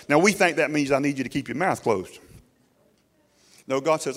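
A man with a somewhat high voice preaches a sermon. He leans on repetition and rhetorical questions. His phrasing is folksy and drawling. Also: quick pace, fairly bright tone. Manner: repeats key phrases and asks the congregation questions.

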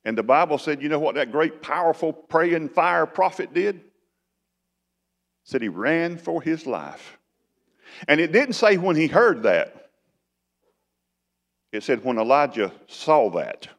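Folksy pastor preaching in a church. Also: male voice, on the high side, sing-song, measured pace, long pauses. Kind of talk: sermon. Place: church sanctuary. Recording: long church reverb.

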